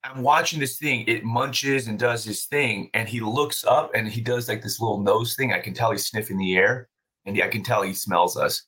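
A man with a fairly low, bright and forceful voice tells a story as a podcast guest. His talk is loose and casual, sprinkled with swearing and quick laughs. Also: steady tone, breathy edge. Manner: loose, profane, laughs often.

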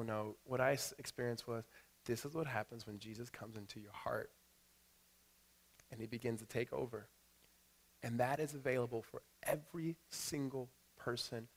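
A middle-aged man, a pastor, preaching a sermon in a church, telling a personal story with many fillers and restarts, then leading a prayer. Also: mid-range voice. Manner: animated storyteller with fillers and restarts, rising to loud excitement.

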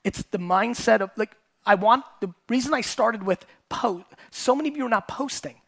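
Casting note: middle-aged man, high-pitched voice, blunt live keynote delivery, swears, hammers each point twice. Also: creaky, fairly bright tone. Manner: blunt, fast-talking, swears, repeats points for emphasis. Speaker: entrepreneur and host. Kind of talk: keynote talk to a live audience.

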